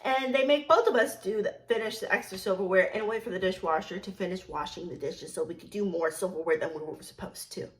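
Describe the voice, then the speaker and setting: A young woman telling a casual storytime vlog about her serving job, animated, blunt and full of swearing and emphatic repetition. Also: medium pitch, quick pace, few pauses. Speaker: storyteller recounting her work as a server.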